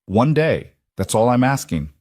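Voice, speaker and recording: A man voicing a protective, hot-tempered rancher with forceful delivery. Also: mid-range voice, very animated, a little slow, no echo, clean studio sound, pitched above the performer's own voice. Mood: urgent.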